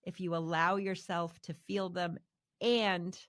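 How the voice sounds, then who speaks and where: A woman's voice: on the low side, steady tone, takes it slowly. A woman hosting a podcast, talking in an earnest, conversational way with her guest. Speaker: podcast host. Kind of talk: casual conversation.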